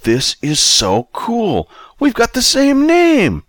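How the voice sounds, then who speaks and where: A man's voice: mid-range voice, very animated, normal speed, fairly bright tone, no echo, clean studio sound, pitched above the performer's own voice. A man reading an audiobook, voicing the narrator's younger self as a naive, curious young man with wisecracking questions. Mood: eager, curious.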